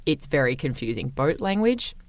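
Low-voiced Australian woman, chatty storyteller. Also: sing-song, normal speed, no echo. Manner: chatty, swears freely, laughs often. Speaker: podcast co-host telling a story. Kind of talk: casual chat. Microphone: podcast microphone.

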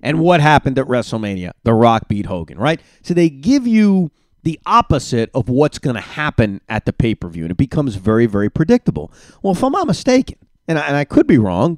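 Animated, opinionated man hosting a podcast. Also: fairly high pitch, no echo, studio quality. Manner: opinionated, ranting; animated, emphatic. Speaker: podcast host. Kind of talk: solo podcast reaction.

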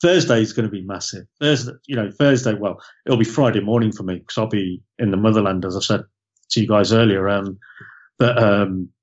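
A man co-hosting a football podcast in casual chat, halting and full of fillers. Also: lowish voice. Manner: hesitant, many fillers, laughs easily. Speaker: podcast co-host. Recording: dull lo-fi podcast audio.

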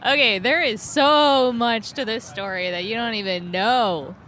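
A woman's voice: fairly high pitch, unhurried, a bit bright, slight background noise. A woman co-hosting a podcast, frankly building up a story about her frustrating day. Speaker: podcast co-host. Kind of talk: casual chat.

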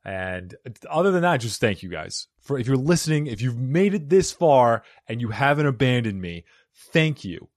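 A man's voice: medium pitch, big pitch swings, moderate pace, dry recording, studio quality. Hyped, self-mocking male podcast host. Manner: joking, self-deprecating, hyped. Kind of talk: casual podcast intro and chat. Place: home studio in Arizona. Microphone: studio microphone.

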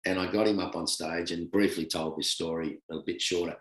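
A middle-aged Australian man, a former cricketer, telling a long anecdote in a casual, animated way, often laughing. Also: deep voice, fairly quick. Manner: animated, laughing storyteller who acts out quoted voices. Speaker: former cricketer, guest storyteller. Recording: roomy echo.

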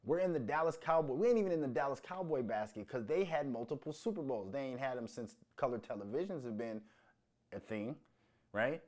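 A man's voice: mid-range voice, expressive, fairly quick, darkish tone. A man from Minnesota hosting his own show, ranting about sports with heavy profanity and rising heat. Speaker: show host.

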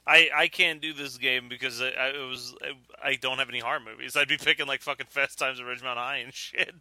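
A man's voice: medium pitch, fairly even intonation, moderate pace, bright, forceful tone, no room sound. A laid-back man joining a casual movie podcast, giggling between remarks.

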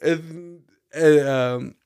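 A man's voice: on the high side, a little mellow, clean tone. Casual man telling a rambling, swearing story. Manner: rambling, profane, quick bursts and laughs while telling stories. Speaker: podcast co-host.

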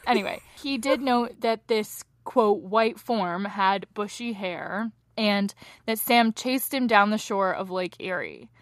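A young woman co-hosting a true crime podcast, telling the case in a chatty, animated way and laughing often, tired from little sleep. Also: mid-range voice, slow, no echo, clean studio sound. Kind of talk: casual true crime chat.

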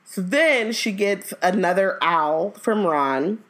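A woman's voice: medium pitch, expressive, slow pace, fairly bright tone. Woman rambling thru a story on a podcast, lots of "like", joking around. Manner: rambling, filler-heavy, comic storytelling. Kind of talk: casual chat retelling a story.

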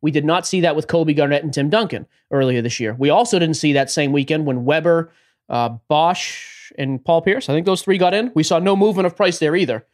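A man co-hosting a casual sports-card podcast, upbeat and running through the rundown with quick asides. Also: fairly high pitch. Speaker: podcast co-host. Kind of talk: casual podcast chat about sports cards.

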